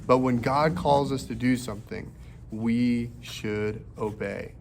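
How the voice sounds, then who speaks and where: A man teaching a children's Bible lesson in a lively way, acting out the voices in the story for young listeners. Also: mid-range voice, slow, vocal fry, a little hiss or hum. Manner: animated, acts out quoted voices for kids.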